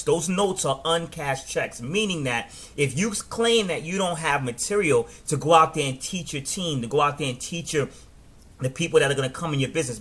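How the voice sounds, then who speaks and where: A middle-aged man with a New York accent, giving a casual, animated business training talk and often restarting his words. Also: fairly high pitch, breathy edge. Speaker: network marketing trainer.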